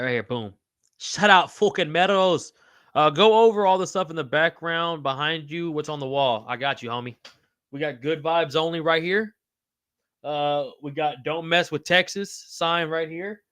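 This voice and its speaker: A man's voice: fairly high pitch, a bit bright, dry recording, studio quality. A man hosting a casual livestream podcast, reading chat aloud in a loose, slangy, profane way. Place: home room with wall signs.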